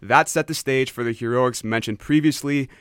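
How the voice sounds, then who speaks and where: A man's voice: medium pitch, normal speed, clean tone, no echo, clean studio sound. A man recapping games and teasing his co-hosts in a playful way. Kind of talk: casual sports chat.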